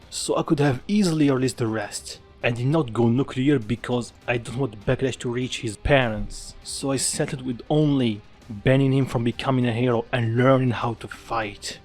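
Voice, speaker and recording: A man's voice: mid-range voice, expressive, measured pace, a little mellow, faint music behind. A man voicing a furious teenage boy with a demonic fox spirit, growling and menacing. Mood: growling menace.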